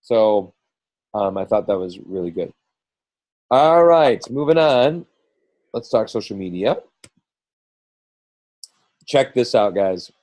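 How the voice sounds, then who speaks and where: Middle-aged male coach on a team call. Dark, mellow tone on a dry close mic. Casual and rambling, with lots of restarts. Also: lowish voice, animated, slow, long pauses, no echo, low-quality recording. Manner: rambling, full of restarts and quoted asides.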